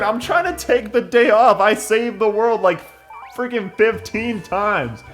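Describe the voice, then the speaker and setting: A man's voice: sits high, unhurried, fairly bright tone, soft background music. A young man giving casual let's-play commentary, full of jokey, sarcastic asides.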